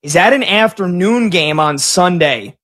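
A man hosting a live sports talk show, recapping scores with excited reactions. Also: high voice, unhurried. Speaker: sports betting show host.

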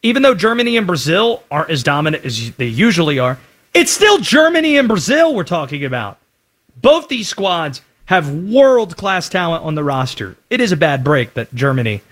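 High-voiced man giving sports commentary. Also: fairly bright tone. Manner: brisk, opinionated delivery with quick name lists. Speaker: sports show host.

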